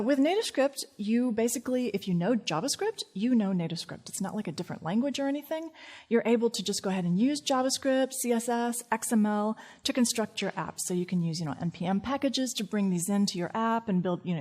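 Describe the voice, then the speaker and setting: A woman's voice: fairly high pitch, a little mellow. A woman from St. Louis giving a chatty conference talk to a live audience, laughing often and tossing in self-deprecating asides. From St. Louis, USA. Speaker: conference speaker.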